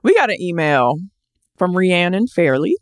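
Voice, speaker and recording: A woman co-hosting a podcast in casual chat, animated, laughing often and repeating herself. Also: fairly low pitch, normal speed, no room sound, studio quality. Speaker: podcast co-host.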